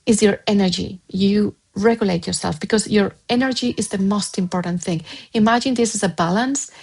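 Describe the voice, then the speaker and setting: A woman parent coach speaking in a mid-pitched voice. She talks directly to the viewer with earnest emphasis and repeats her key points to drive them home. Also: gravelly, poor audio. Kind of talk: direct advice to camera.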